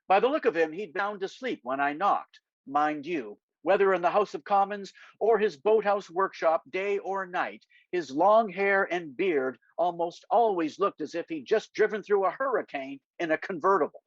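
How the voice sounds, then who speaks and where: Man, author reading his novel, high lively voice, dry close sound. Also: moderate pace, few pauses, no room sound. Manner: animated, casual, with fillers. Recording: dry, slightly dull lo-fi sound.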